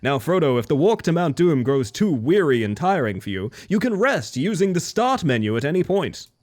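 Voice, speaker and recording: A man's voice: on the high side, big pitch swings, normal speed, darkish tone. A man mimicking a pompous game-tutorial narrator. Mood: instructive. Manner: dumb, overly formal instructive tone.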